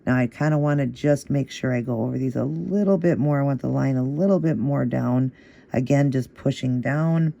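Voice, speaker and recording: A man hosting a nail art tutorial, explaining each step in a patient, encouraging way and repeating the moves in a steady rhythm. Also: mid-range voice, moderate pace, gravelly, highs cut off. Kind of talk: casual step-by-step tutorial narration.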